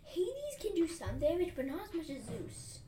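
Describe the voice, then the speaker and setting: A young woman co-hosting a casual podcast, playful and quick to tease. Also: extremely high pitch, sing-song, dark tone, distant mic. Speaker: podcast co-host. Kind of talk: casual chat. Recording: roomy, off-mic with faint background noise.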